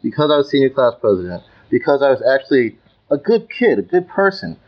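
A man's voice: mid-range voice, very animated, fairly quick, muffled recording. A man talking as a podcast guest, emphatic and repeating words as he works toward his point. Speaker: guest, youth coach. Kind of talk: conversational podcast interview.

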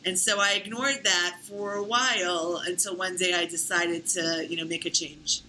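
A woman, telling her story as an interview guest in a lively, talkative way full of "like" and "you know". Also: on the low side, normal speed, few pauses, a little hiss or hum, low-quality recording. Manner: talkative, animated, many fillers like "you know" and "like".

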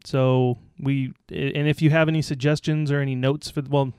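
A man's voice: mid-range voice, flat delivery, normal speed, darkish tone, smooth, no echo, clean studio sound. A man from the United States co-hosting a podcast in casual chat, joking and teasing himself, with many ums and restarts. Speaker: podcast co-host.

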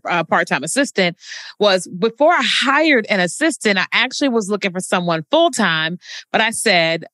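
A woman's voice: medium pitch, a bit bright, no room sound, studio quality. A woman hosting her own podcast, talking casually in an emphatic, colloquial storytelling way. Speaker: podcast host. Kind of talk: casual solo podcast talk.

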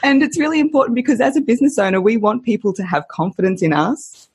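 A woman voice coach on a podcast interview, expressive and playful, laughing often and using lively analogies. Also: fairly high pitch, quick pace, slightly rough.

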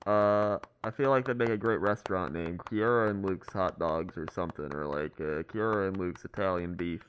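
A man's voice: sits low, moderate pace, close to an everyday voice, poor audio. A man playing a rambling, fed-up traffic reporter. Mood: griping. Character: jaded male helicopter traffic reporter.

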